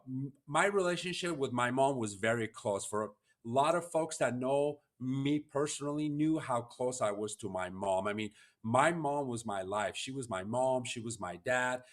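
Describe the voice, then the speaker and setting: A man hosting a podcast, telling a personal story in an earnest, emotional, heartfelt way. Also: medium pitch. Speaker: podcast host.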